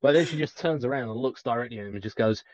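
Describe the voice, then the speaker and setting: A young man co-hosting a casual podcast chat, telling stories animatedly and jumping into high-pitched impressions of characters. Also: very fast, dull audio, a little hiss or hum. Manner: animated storyteller, mimics characters with sudden high pitch jumps. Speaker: podcast co-host.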